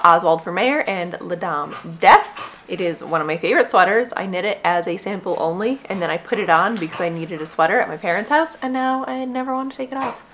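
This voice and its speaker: A woman's voice: fairly low pitch, fairly bright tone. A young woman hosting a knitting podcast at home, chatting casually and rambling, often breaking off to talk to her dog. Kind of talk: casual chat. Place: at home with dogs.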